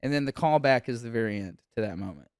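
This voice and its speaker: A man chatting casually on a comedy podcast, retelling scenes in an animated way, laughing often and filling with "like". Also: mid-range voice, quick pace, no echo, clean studio sound. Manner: animated retelling, laughs a lot, many "like" fillers. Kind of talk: casual chat.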